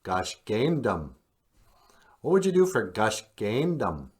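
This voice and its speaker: A man hosting a podcast, teaching vocabulary in a relaxed, encouraging way and gently prompting his partner. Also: on the low side, slow pace. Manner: encouraging, calls partner sweetie. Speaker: podcast host teaching words. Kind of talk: language lesson, casual.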